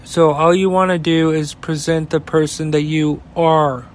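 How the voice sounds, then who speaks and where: A man's voice: fairly high pitch, fairly even intonation, measured pace. A man, hosting a heated, profane opinion rant that rambles. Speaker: podcast host.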